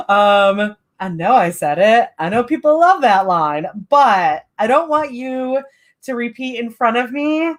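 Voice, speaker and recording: A woman's voice: a little high, expressive, slow pace. A woman hosting a live writing-sprint stream, chatting casually and rambling with many fillers and giggles.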